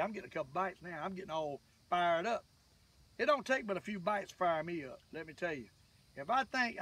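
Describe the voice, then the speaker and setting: An older Southern US man with a somewhat high, slightly bright voice rambles folksily to his viewers while fishing from a boat on a lake. It's casual fishing vlog talk, picked up by a distant mic with faint outdoor ambience.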